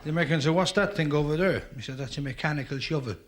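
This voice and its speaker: Stand-up guy, quick punchy gags, a bit high-voiced. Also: a little hiss or hum. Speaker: stand-up comedian. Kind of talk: stand-up joke telling.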